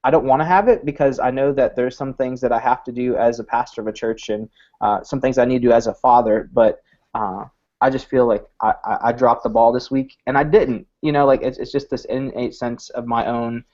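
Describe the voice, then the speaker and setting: Reflective pastor, halting and hesitant. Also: male voice, mid-range voice, fairly even intonation, darkish tone, lo-fi sound. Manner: reflective, halting, many fillers. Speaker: pastor and podcast co-host. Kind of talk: casual podcast chat.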